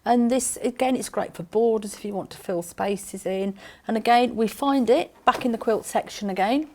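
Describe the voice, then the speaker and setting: A woman explaining machine stitch settings step by step in a relaxed, chatty way. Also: on the high side, normal speed, slight background noise. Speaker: sewing machine demonstrator. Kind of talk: casual demonstration chat.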